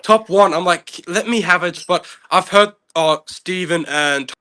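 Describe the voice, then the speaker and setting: A man's voice: high-pitched, a little slow, bright, forceful tone, smooth. A young man, an arm wrestler guest, talking in a rambling, casual, self-deprecating way. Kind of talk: casual chat.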